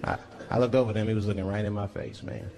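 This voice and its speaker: A man's voice: fairly low pitch, steady tone, very fast, darkish tone. A man performing a stand-up routine on a comedy stage, telling stories animatedly and jumping into character voices. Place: comedy stage before a live audience.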